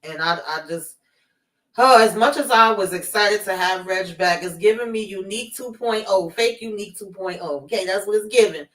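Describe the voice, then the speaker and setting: A woman's voice: medium pitch, moderate pace, a bit bright. A woman co-hosts a casual TV recap, sounding distant and echoey, as if she is far from the mic in a hard-walled room. She is emphatic and laughs often, and she fills the gaps with mm-hmms. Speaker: co-host.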